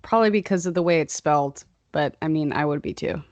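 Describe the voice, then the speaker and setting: A woman's voice: low-pitched, fast, no echo, muffled recording. A young woman co-hosting a casual chat podcast, rambling and playfully sarcastic. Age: young adult. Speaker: podcast co-host.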